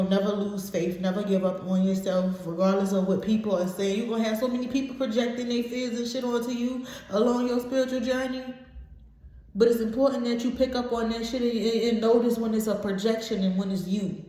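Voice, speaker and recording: A woman's voice: mid-range voice, warm tone. A woman giving a channeled tarot reading to her viewers, emphatic and preachy, swearing casually. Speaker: tarot reader. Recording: very echoey room.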